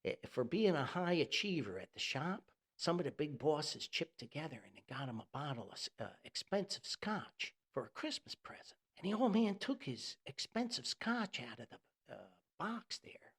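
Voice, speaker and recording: A male podcast host telling a homespun holiday story in a folksy, nostalgic manner. His voice is gravelly and his pitch swings widely as he tells it. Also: very animated, moderate pace, hardly any pauses.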